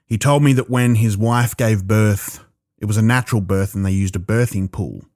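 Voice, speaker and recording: A man with an Australian accent doing a profane, animated stand-up set alone in his own room, stammering into restarts. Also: on the low side, moderate pace, no echo, studio quality. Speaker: stand-up comedian. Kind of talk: stand-up comedy performed alone.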